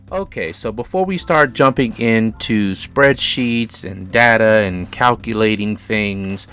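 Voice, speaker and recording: A man's voice: medium pitch, fairly bright tone. A middle-aged man hosting a dividend investing channel, walking through figures in a casual explainer and stressing key words again and again. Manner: slow and deliberate, repeats key words for emphasis. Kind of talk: casual explainer over spreadsheets.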